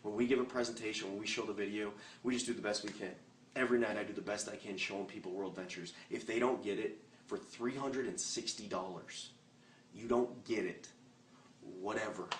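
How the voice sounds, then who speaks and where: Man, low voice, rapid-fire motivational pitch, joking and fired up, echoey room heard from a distant mic. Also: steady tone, a little hiss or hum. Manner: punchy, joking, fired-up delivery. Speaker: network marketing presenter. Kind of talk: motivational recruiting talk. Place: meeting room with a live audience.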